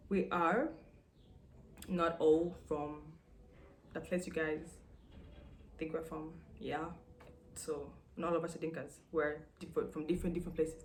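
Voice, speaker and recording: A young woman talks straight to her viewers, a little low in pitch. She rambles and says "like" constantly, pressing hard on her points. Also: slight background noise. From South Sudan. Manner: chatty, rambling, emphatic, heavy use of "like". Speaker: vlogger. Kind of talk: casual talk to camera.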